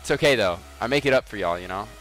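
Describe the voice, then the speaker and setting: A man's voice: on the low side, expressive, fast talker, a bit bright, faint music behind. A man in his twenties chatting casually on a game livestream, swearing freely, teasing his viewers and laughing often. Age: 20s. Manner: joking, profane, laughs often. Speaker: game streamer.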